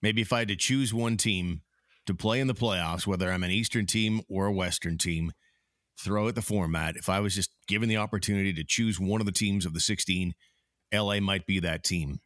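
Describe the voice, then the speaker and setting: A man hosting a casual sports podcast, talking in a measured, reflective way. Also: deep voice, fairly bright tone, dry recording, studio quality. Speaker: podcast host.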